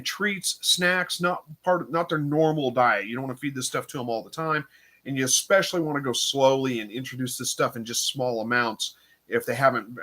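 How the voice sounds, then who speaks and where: A yawning, worn-out man hosts a casual livestream in a mid-range voice that sounds pushed and bright. He reads comments from viewers and meanders unsurely through answers, thinking aloud with lots of fillers.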